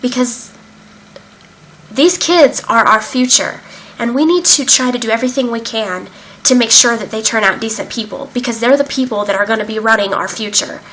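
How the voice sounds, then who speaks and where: Speaking at a moderate pace in a somewhat high, slightly bright voice, a young woman candidly tells her recovery story for a casual vlog. She's open and emotional, filling her speech with fillers and the occasional swear word. The rough recording has a little hiss or hum.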